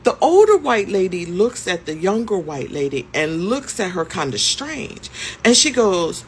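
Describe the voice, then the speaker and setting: A woman's voice: mid-range voice, big pitch swings, measured pace, slight background noise. A woman in her fifties telling a story to camera in a casual way, emphatic, repeating her points and asking rhetorical questions. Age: 50s.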